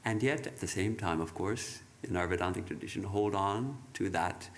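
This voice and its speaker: A man giving a reflective sermon, speaking in a measured way with halting restarts. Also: low-pitched. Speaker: monk giving a talk.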